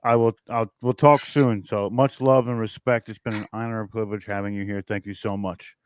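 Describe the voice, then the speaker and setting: A man's voice: on the low side, steady tone, a little fast, smooth, dry recording, clean studio sound. A man hosting an online conference over a video call, chatty and effusive, often saying "you know". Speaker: conference host. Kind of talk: casual online conference chat. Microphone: video call mic.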